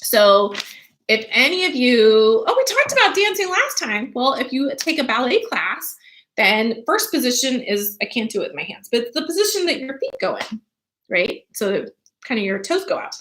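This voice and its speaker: A woman teacher, animated and chatty, reading a book aloud for children and asking them questions. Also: fairly high pitch, normal speed, a little hiss or hum.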